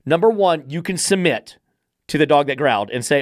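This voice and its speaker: Male podcast host, dog trainer. Fired-up, sarcastic rant, slightly high voice, dry sound. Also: expressive, normal speed, no room sound. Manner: swears freely.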